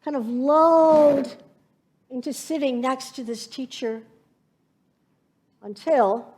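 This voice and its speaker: A woman pastor preaching a sermon, slow and reflective, painting scenes from scripture for her congregation. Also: sits high, darkish tone, husky.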